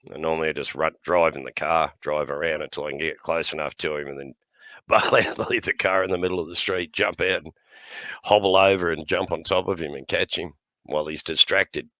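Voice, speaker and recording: An older Australian man chats loosely with his viewers and coos at his dog between stories, wandering from one thought to the next. His voice sits very low with a gravelly, fried texture and a bright edge on top. The sound is dry and dull, like a lo-fi stream mic. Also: steady tone, brisk, no echo. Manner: chatty and rambling, talks fondly to his dog. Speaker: livestream host. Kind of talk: casual chat.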